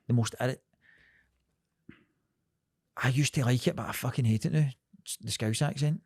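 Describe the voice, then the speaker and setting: A man's voice: medium pitch, normal speed, dry recording. Man, Glasgow accent, young adult, podcast co-host, blunt, sweary, rambling chat, dry close sound. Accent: Scottish, Glasgow area. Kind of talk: casual chat.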